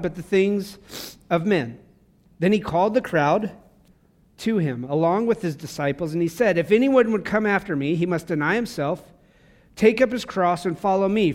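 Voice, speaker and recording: A man with a high-pitched voice preaches to his congregation. He is fervent and passionate yet conversational, dropping casual asides between points. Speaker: pastor. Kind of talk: sermon. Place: church service.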